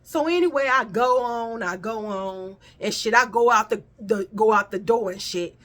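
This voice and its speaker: A woman's voice: a little high, normal speed, fairly bright tone. A woman vlogger telling a story in a casual, blunt way, swearing freely and talking straight to her viewers. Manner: blunt, profane, addresses viewers as y'all.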